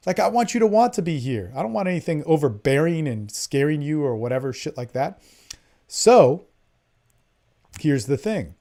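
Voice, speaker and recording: A man hosting a podcast, coaching listeners on dating in a blunt, profane way, swinging between loud emphasis and low murmurs. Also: normal speed. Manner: animated, acts out his own lines in a hushed voice. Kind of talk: casual coaching talk.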